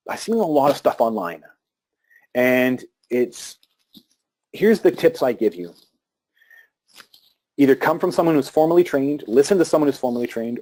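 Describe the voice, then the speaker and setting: A man giving a live talk to an audience about meditation and breathing, speaking calmly with pauses and restarts. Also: medium pitch.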